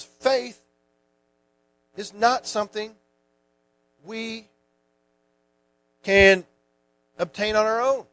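Male preacher, high voice, relaxed conversational Bible teaching. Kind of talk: sermon.

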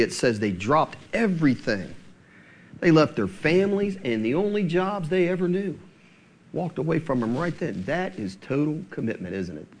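A male pastor preaching a sermon, emphatic and full of rhetorical questions. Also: on the high side.

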